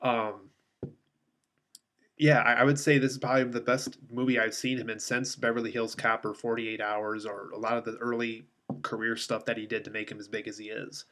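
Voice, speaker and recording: Man, mid-pitched, casual movie review delivered off the cuff, rambling with frequent ums. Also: flat delivery, moderate pace, sharp tone. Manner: rambling, many filler ums and restarts.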